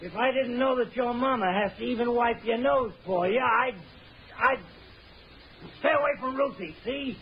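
A drunken middle-aged father in an old radio play, snarling and threatening. His voice sits high and gravelly, and the old recording is dull and hissy. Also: normal speed. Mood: angry. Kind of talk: radio drama acting.

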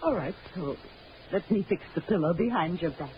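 A woman's voice: fairly low pitch, expressive, moderate pace, close to an everyday voice. An actress playing an anxious, doting middle-aged mother who fusses over her son, in a 1940s radio play. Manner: fretful, doting. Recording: muffled old radio recording, faint hiss.

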